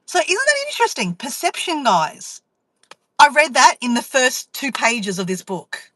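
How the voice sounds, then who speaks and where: A woman vlogger, telling a story to her live chat in a chatty, animated way and acting out inner voices. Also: high-pitched, measured pace, no room sound, poor audio.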